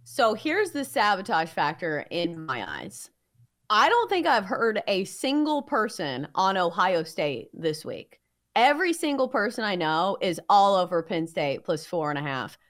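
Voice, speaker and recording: A woman's voice: medium pitch, sing-song, fairly bright tone. A woman co-hosting a sports betting show and teasing the guest with pointed questions. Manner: teasing, quick to laugh. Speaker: co-host. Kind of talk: casual sports betting chat.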